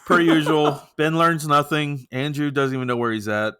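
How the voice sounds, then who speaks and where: A man co-hosting a casual podcast, telling an animated story full of swearing and laughter. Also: a little high, moderate pace, a loud crowd. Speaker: podcast co-host. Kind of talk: casual chat.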